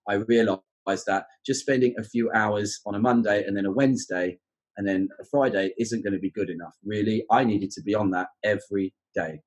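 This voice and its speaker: A man's voice: on the low side, fairly even intonation, brisk. A man from southern England with a London accent, chatting in a casual podcast conversation about teaching exams, full of fillers and restarts. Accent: southern English, London. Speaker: guest, exam teacher.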